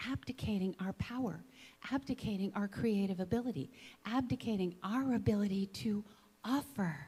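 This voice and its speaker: Woman giving a lively conversational sermon. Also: fairly high pitch, slightly rough. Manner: lively storyteller, acts out examples, frequent "right?". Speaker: guest speaker at a church service. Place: spiritual center Sunday service.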